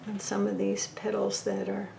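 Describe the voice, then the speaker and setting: Gravelly woman murmuring through a painting lesson, half whispering, roomy echo. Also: medium pitch, completely flat delivery, moderate pace, a little hiss or hum. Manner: soft-spoken, thinking aloud, often trailing into a near whisper. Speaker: painting instructor. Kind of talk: casual tutorial narration while painting.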